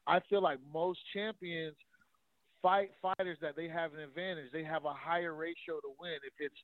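A man's voice: a little high, fairly even intonation, moderate pace, no room sound. A man co-hosting a boxing talk show, arguing his point and repeating himself to get a word in. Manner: pushes back, repeats himself while arguing. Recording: tinny phone-like line.

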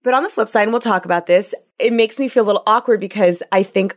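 A woman's voice: mid-range voice, fast talker, hardly any pauses. A woman talking as a podcast guest in casual chat, candid and chatty. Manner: chatty, candid, acts out her kids' voices in quotes. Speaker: podcast guest, mother of two.

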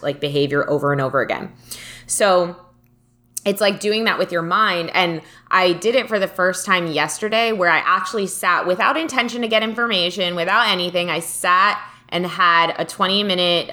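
A woman's voice: fairly low pitch, bright, forceful tone. A young woman co-hosting a casual talk show, telling stories animatedly with lots of fillers and the odd swear word. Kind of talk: casual conversation.

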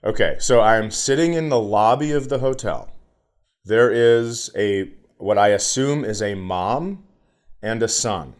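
A man's voice: fairly low pitch, a little slow. A man in his forties, a podcast co-host telling a comedic story in casual chat, acting out the people in it. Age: 40s. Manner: animated storyteller, acts out voices.

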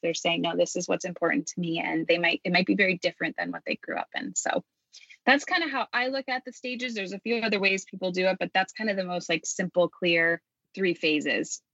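A woman's voice: lowish voice, a bit bright, no echo. A woman guest explaining parenting ideas in a thoughtful, conversational way. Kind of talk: casual conversation. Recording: dry, muffled lo-fi audio.

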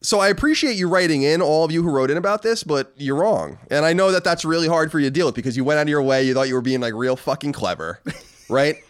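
A man's voice: on the high side, animated, fast talker, clear, resonant tone, no echo, studio quality. An American man co-hosting a casual podcast, reading listener letters and teasing his audience in an upbeat, joking way. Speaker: podcast co-host.

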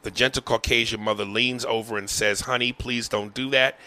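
A man hosting a podcast, reading a listener's email aloud in a profane, animated way. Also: mid-range voice, normal speed. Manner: profane, animated, breaks into laughter. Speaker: podcast host.

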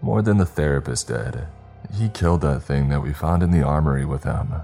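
A man's voice: a bass voice, fairly quick, vocal fry, warm tone, faint music behind. A man voicing a cocky young male soldier with a dry, mocking delivery. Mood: smug.

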